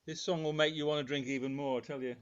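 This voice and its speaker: A singer-songwriter man introducing one of his own songs on a video call, in a halting, uneasy way. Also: fairly high pitch, steady tone, over music. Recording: dull lo-fi sound.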